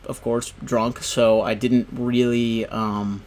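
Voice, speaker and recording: A man's voice: mid-range voice, little pitch movement, slow, darkish tone. A young man hosting a gaming video, telling a story in a casual, rambling way, full of "you know" and "right?". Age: young adult.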